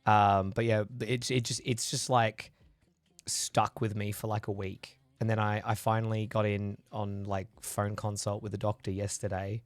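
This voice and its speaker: Recovering from a chest infection, this man hosts a livestream, coughing now and then as he rambles and chats with viewers, reading and responding to chat. His fairly low voice is flat in delivery and moderate in pace, with no echo.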